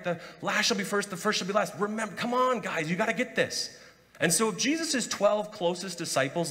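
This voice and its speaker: Male pastor, conversational sermon, slightly high voice, long reverb tail from the church hall. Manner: conversational, animated, acts out quoted voices. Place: church sanctuary.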